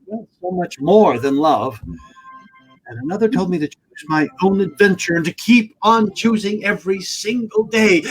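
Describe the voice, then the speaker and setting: An actor playing a reformed old miser, Scrooge, who stammers, giggles and gets emotional in a comic holiday play. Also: male voice, high voice, a bit bright, breathy edge, full character voice, poor audio.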